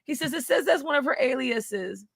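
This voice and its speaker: Woman commentator, high bright voice, dry close sound, crude and mocking, reads texts aloud between sudden loud jabs. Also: expressive, moderate pace, creaky, husky, no echo. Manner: shifts from hushed asides to loud outbursts. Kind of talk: profane commentary reading out text messages.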